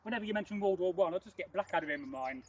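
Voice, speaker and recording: A man's voice: sits high, rapid-fire, lo-fi sound, crowd noise. A man in his forties from England hosting a casual livestream, rambling and self-correcting as he tells stories. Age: 40s. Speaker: host.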